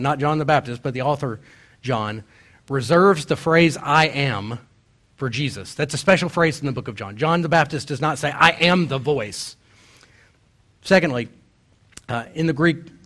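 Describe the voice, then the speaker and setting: A middle-aged pastor preaches a sermon in a mid-pitched male voice. He leans hard on key words and draws quoted verses out slowly for weight. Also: a bit bright. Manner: emphatic preaching with slow, drawn-out quoted verses.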